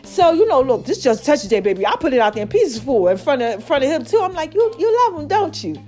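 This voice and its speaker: With soft music underneath, this podcast host talks fast in a high, dark voice full of big pitch swings. She tells a casual story aimed right at her listeners, peppering it with "baby" and "okay."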